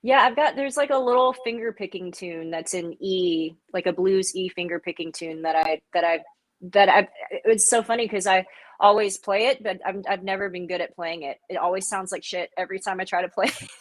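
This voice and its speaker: A woman speaking as a musician guest in a casual interview. She talks in a chatty, self-deprecating way and often restarts her sentences. Her pitch sits in a typical middle range. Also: fairly quick.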